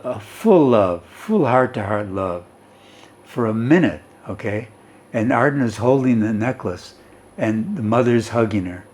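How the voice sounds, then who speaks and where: A man's voice: on the low side, a little mellow. A male teacher reading and explaining a story, who keeps checking in with his students.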